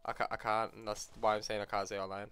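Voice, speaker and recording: A man's voice: lowish voice, flat delivery, rapid-fire, bright, forceful tone, smooth, faint music behind. A young man with a lisp, teasing his partner in casual gaming banter. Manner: teasing, joking, coughs often. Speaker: streamer.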